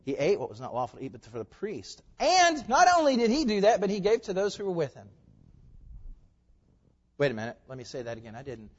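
A male pastor preaching a sermon in a conversational way, asking the congregation questions and swinging between loud emphasis and quiet asides. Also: medium pitch, very animated, fast talker, long pauses, breathy edge. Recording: long reverb, dull lo-fi sound.

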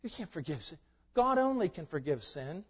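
A man preaching a sermon in a voice a little higher than most men's. He drops into quiet, chatty asides, then builds to loud, forceful declarations. The sound is somewhat muffled, with a long reverb tail trailing off in a large sanctuary. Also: very animated, normal speed, slightly rough. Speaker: pastor.

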